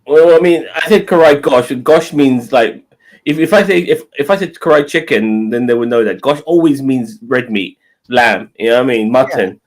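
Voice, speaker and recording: A man's voice: medium pitch, moderate pace. A man co-hosting a live stream, ranting and swearing heavily in casual chat. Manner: swears a lot, exasperated ranting. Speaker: co-host.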